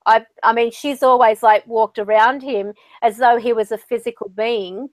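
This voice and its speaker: A woman's voice: fairly high pitch, fairly even intonation, normal speed, no room sound. Chatty woman medium, dry close sound. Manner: chatty, storytelling with quoted voices. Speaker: spiritual medium, channel host. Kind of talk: casual conversation.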